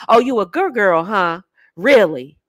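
A woman putting on a lowered voice to play a smug, scheming man who mocks and drawls. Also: expressive, a little slow, no echo, close to an everyday voice. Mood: mocking. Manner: mocking, drawling.

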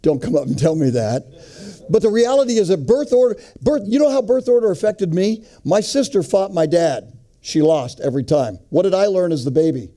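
A middle-aged man speaks to a men's group in a joking, sermon-like style, often throwing questions at the audience. His voice is high and brisk, with lively intonation and a warm tone, fitting a men's ministry speaker.

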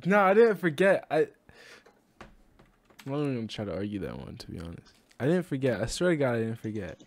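Young man, mid-pitched, brash roasting banter with frequent laughs, close desk mic. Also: big pitch swings, fast, a little mellow. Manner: brash, teasing, laughs often. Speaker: video chat prankster. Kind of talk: casual roasting chat. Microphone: own desk microphone.

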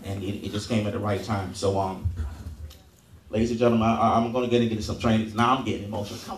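In a large event room, a lowish-voiced man with fairly even intonation speaks at a quick pace, drilling a sales audience through repetition and call-and-response chants and okays. The audio is very noisy, echoey, and picked up from afar.

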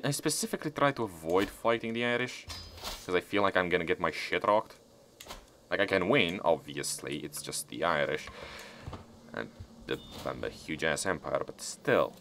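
A man's voice: low-pitched, a bit bright, a little hiss or hum. A man giving casual, profane gameplay commentary as a let's-player, talking back at the game as he plays.

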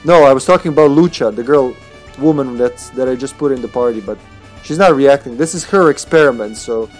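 Casual male gameplay streamer, medium voice, thinks aloud, swears, quiet music behind. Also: mid-range voice, fairly quick. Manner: chatty, swears freely, thinks aloud with restarts. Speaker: game streamer.

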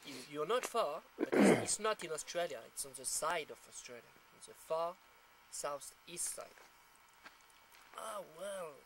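French man, higher voice, lively storyteller who laughs a lot, crowd chatter behind. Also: unhurried. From France. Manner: laughs often, acts out the people he quotes. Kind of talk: casual anecdote.

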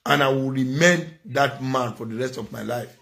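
Nigerian man, middle-aged, preachy scolding commentator, mid-pitched voice. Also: normal speed, gravelly, a bit bright. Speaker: social media commentator. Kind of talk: impassioned monologue.

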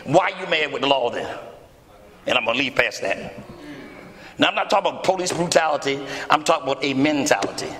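A male pastor preaching to a congregation, telling a story in a lively, theatrical way and acting out the dialogue. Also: quick pace. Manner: animated, acts out dialogue with big pitch swings. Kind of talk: storytelling sermon. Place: church hall before a congregation. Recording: echoey church hall.

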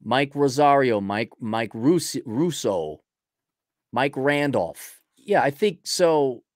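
A man's voice: medium pitch, expressive, takes it slowly, no room sound, clean studio sound. A man co-hosting a livestream, joking around casually and trailing off as he thinks aloud. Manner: playful, jokey, trails off while thinking. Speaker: livestream co-host.

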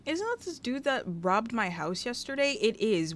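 A woman giving casual, sassy Let's Play commentary, scolding the characters in her game out loud, recorded on a headset mic. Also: medium pitch, sing-song, measured pace, hardly any pauses. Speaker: gaming YouTuber.

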